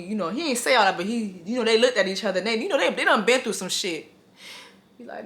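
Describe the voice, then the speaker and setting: A woman rants through a comedic TV recap, her voice high and bright. She swears freely, laughs often and acts out the characters in quick bursts. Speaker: recapping a TV episode.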